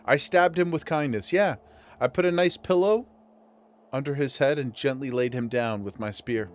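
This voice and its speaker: A man's voice: mid-range voice, normal speed. A man streaming a video game, chatting casually in a rambling, joking way and reading the game text aloud. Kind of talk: casual gameplay commentary.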